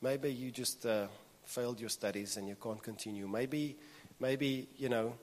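A man delivering a sermon in an earnest, steady voice of middle pitch. He repeats key phrases for emphasis. The long reverb of a church hall hangs after every line. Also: a little slow, slight background noise. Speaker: pastor.

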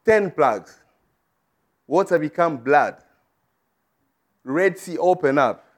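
A man's voice: on the high side, animated, slow. Emphatic man preaching a sermon. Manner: emphatic, rising to loud declarations.

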